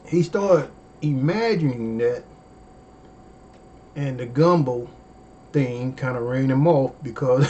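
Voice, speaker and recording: A man, hosting a comedy livestream in casual chat, animated and folksy, with drawn-out exclamations. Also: medium pitch, lo-fi sound, slight background noise.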